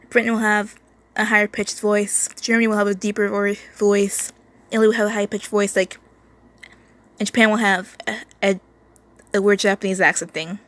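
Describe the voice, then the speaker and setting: A woman's voice: mid-range voice, a bit bright, no echo, poor audio. A woman from the United States, casually reading a fan story aloud at home into her phone, stumbling and restarting words often. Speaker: amateur reader of an online story.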